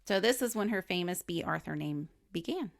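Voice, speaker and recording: Gravelly low-voiced woman podcaster. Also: animated, fairly quick, dry recording, clean studio sound. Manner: reads notes on a celebrity's life, chatty and laughing. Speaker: podcast co-host. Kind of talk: casual chat.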